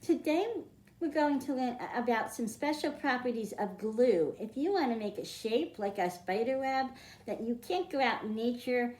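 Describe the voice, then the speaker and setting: A children's librarian reading a picture book aloud to young children, speaking gently and addressing them directly. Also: female voice, on the high side, animated, normal speed. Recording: echoey room.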